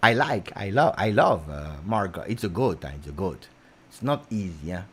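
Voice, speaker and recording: A man's voice: sits low, very animated, normal speed, slightly rough. An Italian-accented man hosting a football livestream, chatting casually and reading out viewer messages with many fillers. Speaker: football channel host.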